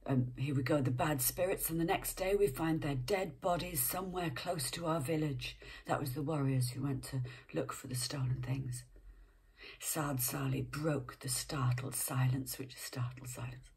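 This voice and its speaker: A woman's voice: deep voice, moderate pace, vocal fry, darkish tone, husky. A woman reading a book aloud page by page, breaking off for chatty asides and sometimes dropping to a whisper. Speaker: reader.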